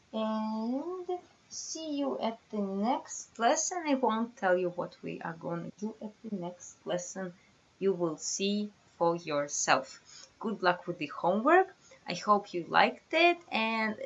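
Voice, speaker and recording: A woman's voice: mid-range voice, fairly bright tone, dull audio. A woman teaching a beginners' language lesson, explaining step by step and quizzing her students with questions. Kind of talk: casual online lesson.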